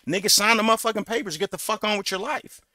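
A man's voice: high voice, quick pace, sharp tone, no echo, studio quality. A man giving blunt, mocking, profane commentary on bodycam footage, closing points with a catchphrase.

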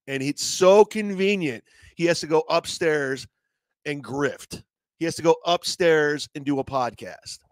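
A man's voice: a little high, dry recording. A man telling a story in a casual, profane rant, acting out what other people said. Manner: animated, profane, acts out other people's lines. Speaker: comedian telling a story on his show.

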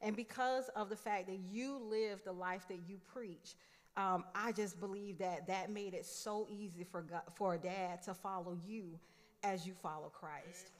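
A young woman giving a eulogy for her father in a church, telling a funny family story with warmth and humour. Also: mid-range voice, steady tone, a little slow, a little hiss or hum. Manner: warm, humorous storytelling. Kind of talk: funeral tribute storytelling. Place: large church sanctuary. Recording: reverberant church hall.

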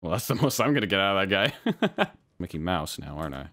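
A man's voice: low voice, very animated, fast talker, sharp tone, dry recording, clean studio sound. A man streaming a virtual reality game, joking and self-mocking as he comments.

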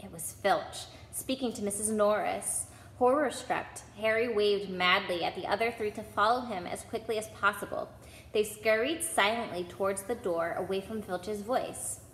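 A woman reading a children's novel aloud as a storyteller, with expressive, dramatic narration. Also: medium pitch. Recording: roomy with long reverb, faint hum.

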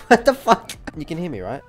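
A man's voice: a little high, wildly swooping pitch, moderate pace, soft background music. A young man chatting casually with friends over a game, laughing and teasing, swearing freely. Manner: giggly, teasing, swears a lot. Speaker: gaming channel host. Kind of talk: casual gaming chat with friends.

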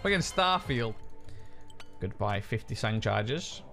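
Streamer guy, sweary and excitable, really bouncy pitch, quiet music behind. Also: takes it slowly. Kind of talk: casual gaming stream chat.

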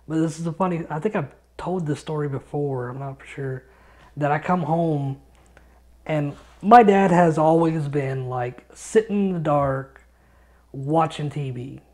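An excitable man tells stories on a casual podcast, with plenty of swearing. He records from his home studio. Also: a little high, a little slow. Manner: excitable storyteller, swears a lot. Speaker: podcast co-host.

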